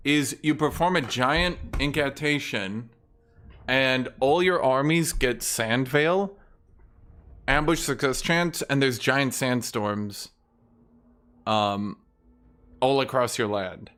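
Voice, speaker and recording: A man giving casual, ranting gameplay commentary, animated and profane, as a content creator. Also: medium pitch, takes it slowly, pauses often.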